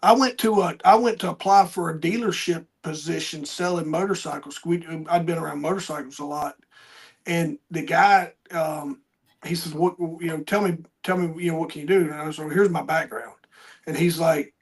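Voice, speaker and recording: A man hosting a podcast, telling stories in a lively casual way and acting out the people he quotes. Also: fairly high pitch, moderate pace, breathy edge. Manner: animated storyteller, acts out quoted people. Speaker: podcast host. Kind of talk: casual conversation.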